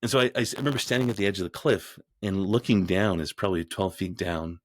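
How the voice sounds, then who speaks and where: A man who is a podcast guest, telling a story in a rambling way with frequent restarts and growing animated as he goes. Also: low-pitched, quick pace, dry recording, studio quality. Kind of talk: storytelling in an interview.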